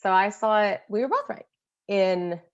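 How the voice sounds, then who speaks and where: A woman co-hosting a casual movie discussion, telling stories in an animated, laughing way. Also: mid-range voice, normal speed, lo-fi sound. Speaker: co-host.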